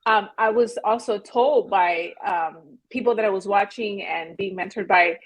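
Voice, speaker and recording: A young adult woman speaks earnestly and candidly as a podcast guest, sharing her real estate experience. Her voice is husky and slightly breathy, pitched in an ordinary middle range, and she tends to talk fast. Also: low-quality recording. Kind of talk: podcast interview.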